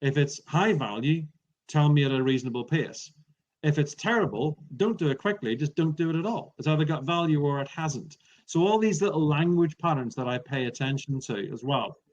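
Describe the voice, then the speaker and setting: A man's voice: fairly high pitch, expressive, a little fast, darkish tone. A man who trains speakers, giving feedback in an interview and explaining points with emphatic examples. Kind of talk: coaching interview talk. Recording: dull lo-fi sound.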